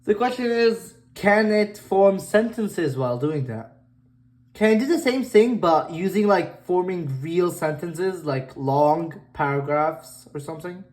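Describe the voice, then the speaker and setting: Woman YouTuber, low and slow, hesitant casual commentary. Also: expressive, a little mellow. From Egypt. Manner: hesitant, many fillers and restarts. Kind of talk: casual tech reaction commentary.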